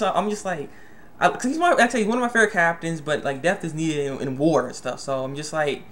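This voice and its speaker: A young man giving a casual spoken manga review, excitable and stammering with many restarts. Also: a little high, fast.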